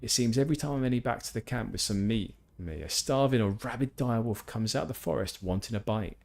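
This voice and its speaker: A man's voice: mid-range voice, quick pace, gravelly, darkish tone, pitched above the performer's own voice, natural voice. A man voicing a hardy, weary camp hunter, reading in a matter-of-fact way.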